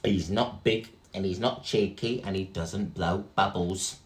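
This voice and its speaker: A man's voice: low voice, measured pace, roomy sound. A man as an earnest little skeleton. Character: young male little skeleton.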